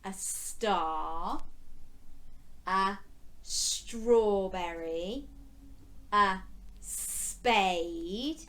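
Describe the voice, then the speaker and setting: A woman teaching a phonics lesson to young children, animated and sing-song, with exaggerated gasps of surprise and drawn-out letter sounds. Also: mid-range voice.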